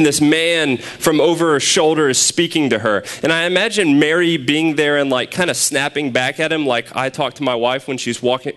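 Conversational man preaching a sermon. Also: medium pitch. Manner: conversational, animated storytelling with restarts.

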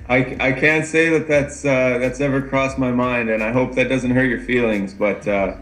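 A man's voice: mid-range voice, fairly even intonation, moderate pace, fairly bright tone. A Canadian man with an easygoing manner, answering interview questions casually and laughing often. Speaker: pro mountain bike rider.

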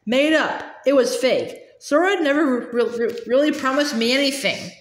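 A woman voicing a gentle, apologetic teenage girl, speaking softly and hesitantly while reading a storybook aloud. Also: high voice, animated, moderate pace, echoey room. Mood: sad.

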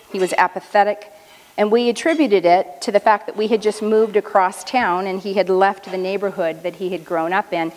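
A woman's voice: mid-range voice, a little mellow. Woman speaking earnestly in a reverberant hall. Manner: measured, earnest storytelling. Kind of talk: personal talk at a luncheon. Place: luncheon hall.

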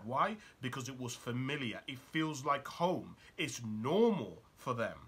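Husky-voiced man firing questions. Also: medium pitch, sing-song, a little slow, hardly any pauses, fairly bright tone. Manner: urgent and probing, fires rhetorical questions at the listener. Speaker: motivational speaker and author. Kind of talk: motivational talk.

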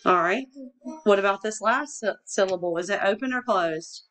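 A woman's voice: mid-range voice, moderate pace, fairly bright tone. A woman tutoring one-on-one, patiently prompting with questions and short praise as she walks through syllable rules. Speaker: teacher. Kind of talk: one-on-one reading lesson.

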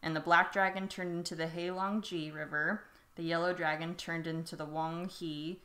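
A woman's voice: on the low side, level tone, normal speed, pushed and bright. A young woman co-hosting a podcast, retelling a story in casual, bubbly chat and slipping into playful voices. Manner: bubbly, giggly, acts out voices in her retelling. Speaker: podcast co-host. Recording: echoey room.

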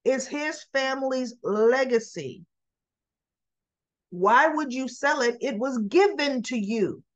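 A woman's voice: sits high, expressive, takes it slowly. A woman chatting casually as she recaps soap opera scenes, retelling dialogue and tossing in her own asides.

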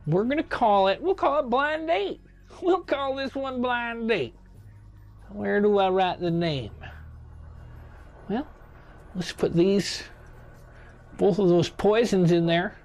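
A man's voice: high voice, lively intonation, slow, long pauses, a little mellow, exaggerated voice. A man doing a rambling older statesman gamer. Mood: chatty. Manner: rambling, muttering to himself while picking cards. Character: rambling older male statesman, touchy and self-assured. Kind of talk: comedic gaming commentary in character.

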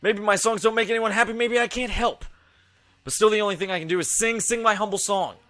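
A man putting on a moody young punk rocker from a game, wistful and a little raised in pitch, with a clumsy fake British accent. The voice is bright and lively, recorded close and dry with faint music underneath. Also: quick pace, no echo. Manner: wistful, with a put-on British accent done badly. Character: brooding young male punk rock singer.

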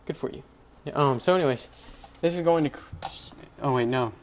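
Hosting a casual screen-recorded coding tutorial, a young man speaks fairly quickly in a mid-range voice, with a little hiss or hum in the recording. He rambles, corrects himself as he goes, and chats with small laughs.

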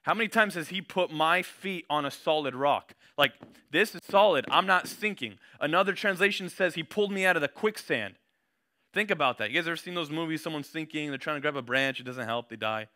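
A man's voice: on the high side, a little fast, sharp tone. A young man giving a casual sermon, slangy and conversational, reading scripture with rising intensity.

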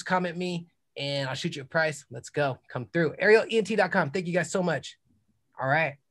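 Man, podcast host, high voice, hyped, whooping catchphrases, self-promoting.

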